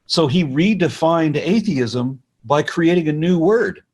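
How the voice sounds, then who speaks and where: A man being interviewed, explaining at length in a measured way, with frequent restarts. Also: a little high, lively intonation, darkish tone. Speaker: atheist organization representative, interview guest.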